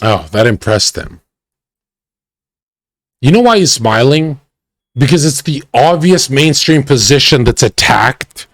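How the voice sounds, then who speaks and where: A man's voice: medium pitch, lively intonation, a little slow, long pauses, dry recording. A man ranting and mocking as he reacts to a video on a livestream, crude and profane.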